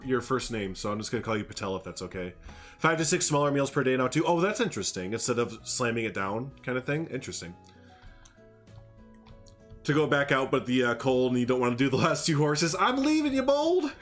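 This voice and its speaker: A male streamer chats loosely with his viewers while he plays, rambling from topic to topic with plenty of laughs. His voice sits at an ordinary, middling pitch, with faint music in the background. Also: a bit bright. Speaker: game streamer. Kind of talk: casual live-stream chat.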